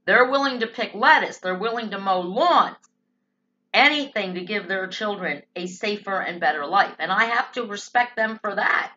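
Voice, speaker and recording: A woman's voice: medium pitch, normal speed, bright, forceful tone. A woman giving a blunt, sarcastic, profane political monologue. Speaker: political commentator. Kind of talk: opinionated monologue. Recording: dull lo-fi sound.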